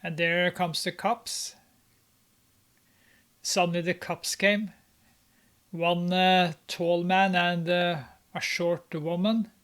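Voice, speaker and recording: A man's voice: sits high, level tone, slow pace, long pauses, a bit bright, clean tone. A man giving casual, mocking commentary on a film, with sarcastic remarks and many "uh" fillers. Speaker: movie reviewer.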